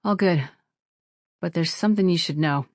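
A woman's voice: on the low side, normal speed, a little mellow, no echo, close to an everyday voice. A narrator voicing a tough young woman who talks in a dry, clipped way in an audiobook. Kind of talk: audiobook character voice.

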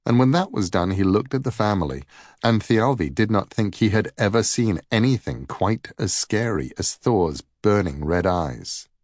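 A man narrating a myth as a storybook reading in an unhurried, expressive way. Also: lowish voice, no room sound, clean studio sound.

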